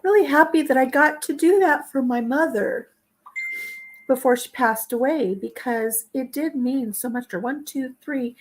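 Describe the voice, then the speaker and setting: A woman's voice: high voice, moderate pace. Tearful middle-aged woman talking through tears. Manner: tearful, speaks through crying. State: crying. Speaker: vlog host. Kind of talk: casual chat while baking. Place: home kitchen.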